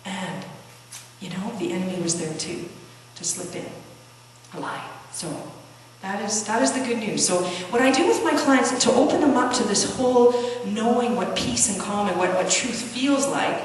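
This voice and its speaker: A woman counselor speaks at a conference in a loose, conversational way, full of restarts and little acted-out quotes. She is heard from a distance in a large hall with a long, booming reverb and a faint hiss in the background. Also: moderate pace. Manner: conversational, many restarts and fillers, acts out quoted dialogue. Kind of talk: conference talk with personal stories.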